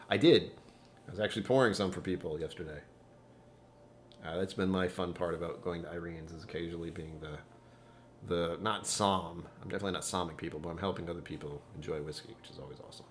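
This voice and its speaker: A man's voice: sits low, moderate pace, pauses often, slight background noise. A middle-aged man hosting a whiskey live stream from home, chatting casually in a rambling, self-deprecating way and laughing often. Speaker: whiskey channel host.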